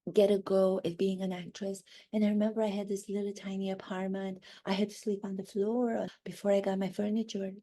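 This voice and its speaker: A woman's voice: mid-range voice, gravelly, warm tone. A woman playing a haughty, self-absorbed duchess in a rambling parody monologue.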